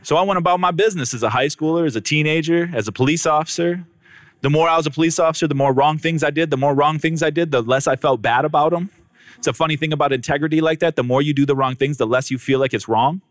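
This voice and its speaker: A man's voice: a little high, fast, no room sound. A man telling his personal testimony to an audience, acting out the dialogue with drama and talking straight to the crowd. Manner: dramatic storyteller who acts out the dialogue; speaks directly to the crowd. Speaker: speaker giving a personal testimony.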